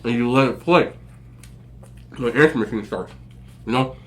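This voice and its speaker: A man in his forties telling stories to viewers in a relaxed, joking way, laughing often and using plenty of slang. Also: medium pitch, normal speed. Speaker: mukbang host. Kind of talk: casual storytelling to viewers.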